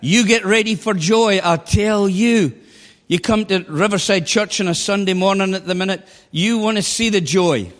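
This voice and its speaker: A man in his sixties preaching a sermon as pastor, animated and exclamatory, often breaking into laughter. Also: high-pitched, normal speed. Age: 60s. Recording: long echoing hall reverb.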